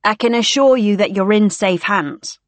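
A woman voicing a calm, polite male radiographer who reassures patients in an audiobook. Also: mid-range voice, moderate pace, no room sound, lightly acted. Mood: reassuring.

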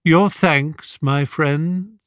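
A man reading aloud, voicing a courteous older king in a soft, measured, kindly voice. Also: a little high, fairly even intonation, dry recording, studio quality, pitched above the performer's own voice. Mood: gentle.

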